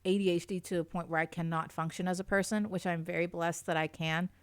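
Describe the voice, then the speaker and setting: A woman's voice: lowish voice, steady tone, quick pace, smooth, no echo. A woman co-hosting a livestreamed podcast, chatting casually, laughing often and swearing, with sentences that trail off. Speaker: podcast co-host. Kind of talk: casual chat. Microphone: streaming mic.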